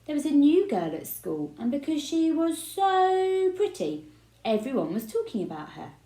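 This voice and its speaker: A woman reading a children's book aloud with expressive storytelling. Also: high voice, normal speed. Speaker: reader. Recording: roomy echo.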